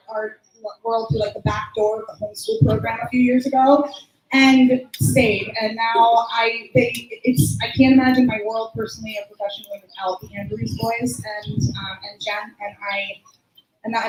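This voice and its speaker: A chatty, effusive woman emcees a student recital as the drama teacher. Her high voice rambles through thanks and stories, full of ums and restarts. The sound carries an echo from the room and a faint hiss behind it. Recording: echoey room.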